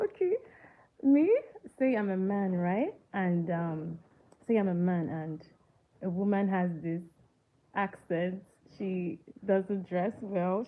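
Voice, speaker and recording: A woman hosting a casual live movie chat, talking to viewers and often asking them questions, with many fillers. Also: medium pitch. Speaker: livestream movie reviewer. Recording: tinny phone-like line with faint hiss.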